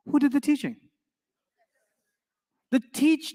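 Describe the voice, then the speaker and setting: A middle-aged man with a high voice teaches a live class. He is playful, keeps throwing questions at the students and often answers them himself. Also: big pitch swings, measured pace, pauses often, warm tone, big-room sound. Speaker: Arabic teacher.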